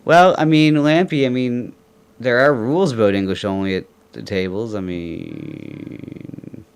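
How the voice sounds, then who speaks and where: A man's voice: mid-range voice, unhurried, creaky, clear, resonant tone. A man from Ireland hosting a casual chat show, joking and laughing often as he rambles. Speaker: podcast host.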